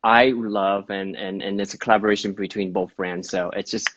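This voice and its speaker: A man's voice: sits low, fairly even intonation, moderate pace, a bit bright, lo-fi sound. A man chatting as an interview guest on a live video call, rambling and laughing often as he trails off. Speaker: global creative director, interview guest.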